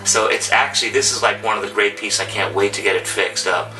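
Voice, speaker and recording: A man's voice: on the low side, a little fast. A man from New York's Hudson Valley, a bartender and collector, telling stories in a rambling, enthusiastic way with many restarts. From Hudson Valley, New York. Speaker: bartender and bar memorabilia collector. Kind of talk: casual storytelling chat. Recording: distant mic with music behind.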